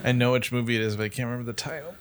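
Male quiz player, medium pitch, easygoing and self-deprecating. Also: racing, a little hiss or hum. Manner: self-mocking, laughs at his own mistakes. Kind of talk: casual chat.

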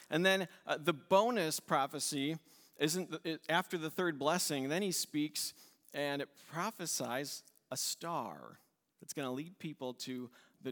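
A pastor giving a conversational sermon, retelling a story and acting out its voices with a light laugh. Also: male voice, a little high, a bit bright, in a large hall.

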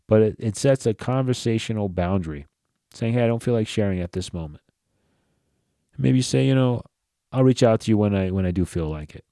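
A man's voice: on the low side, lively intonation, fairly quick, mellow, dry recording, studio quality. A man hosting a casual solo podcast, talking bluntly and profanely in a loose, conversational way, sounding tired. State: tired, yawning. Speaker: podcast host.

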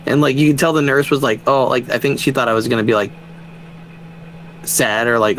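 Man, mid-pitched, casual podcast chat, animated storytelling, swears a lot, laughs often. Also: fast talker, a little hiss or hum, rough recording. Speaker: podcast co-host; father.

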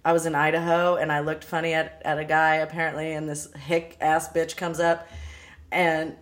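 A young woman chatting casually about a film, animated and quick to laugh. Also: deep voice. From Los Angeles area, US. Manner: animated, laughs often, quotes people in voices. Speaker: podcast co-host.

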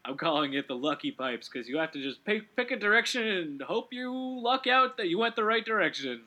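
A man hosting casual gaming commentary in a fairly high, bright voice. His pitch bounces all over as he rambles, restarts his thoughts and breaks into giggles. The tone stays loose and easygoing throughout. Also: very animated, brisk. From Canada. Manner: rambling, self-correcting, giggly. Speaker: let's play host.

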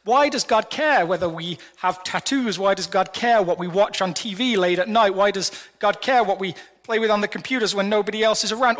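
A middle-aged male pastor gives a sermon in a big hall, and his voice carries a long reverb. His tone sits high and bright, and he talks to the congregation in a conversational, playful way, stacking up rhetorical questions. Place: large hall before a congregation.

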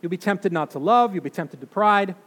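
A man in his thirties or forties preaching a sermon, emphatic, swinging between loud declarations and hushed, slow phrases. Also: high voice, lively intonation. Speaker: pastor. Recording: long reverb of a large hall.

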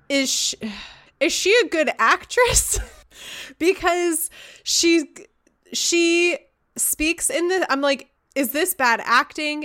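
Woman, podcast co-host, chatty rambler, slightly high voice, filler-heavy. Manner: rambling, animated, filler-heavy with frequent restarts. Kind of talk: casual podcast chat.

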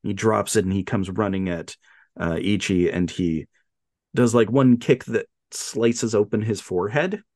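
A man's voice: fairly low pitch, unhurried, darkish tone, no room sound, clean studio sound. A man co-hosting a podcast, retelling a film plot in casual chat and acting out quotes in a raised voice. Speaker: podcast co-host.

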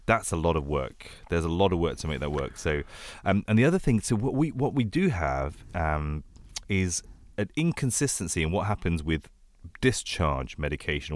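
A man co-hosting a casual podcast chat on clinical practice, speaking in animated bursts and rattling off lists. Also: sits low, dry recording. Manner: animated, quick lists, rising excitement. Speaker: anesthesiologist podcast co-host.

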